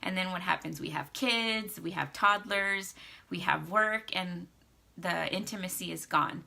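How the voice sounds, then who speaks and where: A young woman talks straight to camera about marriage in a casual, chatty way, full of fillers and acted-out quotes. Her voice sits a bit low, with a bright edge and a gravelly fry. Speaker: vlogger giving marriage advice. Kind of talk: casual advice talk to camera.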